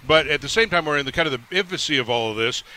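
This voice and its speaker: A man hosts a live sports radio broadcast, talking at a brisk clip and steering the conversation. His tone is very bright and sharp-edged. He sounds upbeat and quick on his feet. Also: fairly high pitch, expressive. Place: live remote broadcast at a racetrack. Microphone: broadcast microphone.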